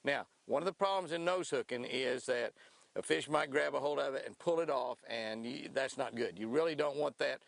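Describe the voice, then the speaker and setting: A man's voice: mid-range voice, normal speed, creaky, no room sound. An older man hosting a fishing show outdoors on a lake, talking in a folksy, chatty way. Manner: folksy, excitable, laughs and whoops when fish bite. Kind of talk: casual outdoor fishing demonstration.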